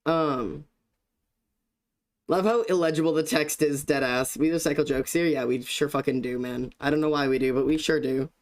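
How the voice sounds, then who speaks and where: A man's voice: on the high side, fairly even intonation, normal speed. A young man live-streaming, greeting viewers by name and joking in a self-deprecating way, with casual swearing.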